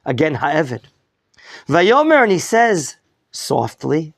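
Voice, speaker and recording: Gravelly, fairly high-voiced male teacher. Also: takes it slowly, pauses often, no room sound, clean studio sound. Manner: lively teacher, quizzing students, mixing in Hebrew terms. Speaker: rabbi teaching a Torah class. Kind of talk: classroom Bible lesson. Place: classroom.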